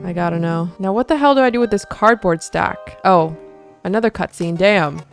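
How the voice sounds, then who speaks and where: A woman's voice: on the low side, moderate pace, faint music behind. A young woman hosting a let's play, narrating casually with dramatic reactions. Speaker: gaming channel host.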